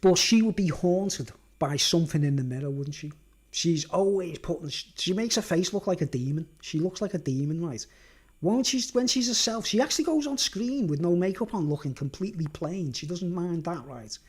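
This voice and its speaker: His high, husky voice is expressive, and he keeps a moderate pace. The video blogger rambles through a casual rant, often laughing and closing sentences with "right?" or "mate."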